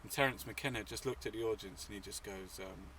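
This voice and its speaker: An English artist and activist tells stories in a casual outdoor interview in a city, rambling, swearing, and using lots of fillers. His lowish voice is a little fast, pushed and bright, recorded from a distance with a little hiss or hum.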